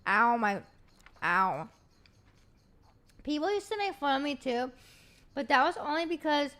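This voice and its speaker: A woman streamer in casual livestream chat who talks straight to her chat in a chatty, giggly way. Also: high voice.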